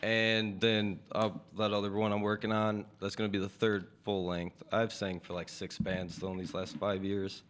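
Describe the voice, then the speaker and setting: A man's voice: lowish voice, flat delivery, normal speed, hardly any pauses, fairly bright tone, slight background noise. A young man, a musician guest, chatting in a laid-back, slangy way and laughing easily. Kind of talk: casual interview chat.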